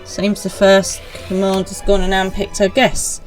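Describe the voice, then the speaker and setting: A woman's voice: medium pitch, completely flat delivery, unhurried, close to an everyday voice. Lady doing a wry soldier type, folksy and teasing, bit of music behind.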